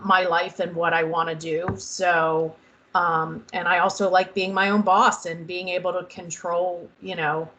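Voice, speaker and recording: A woman's voice: lowish voice, sharp tone, dull audio. A woman in her fifties, a real estate agent speaking hesitantly and modestly in a video call panel interview, with many ums.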